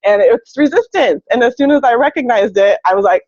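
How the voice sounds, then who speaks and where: A woman giving an excited, laughing testimonial on a group video call. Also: a little high, a little fast, no room sound, highs cut off. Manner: excited, laughing often, animated voice swings. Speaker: team member sharing a testimonial on a group call.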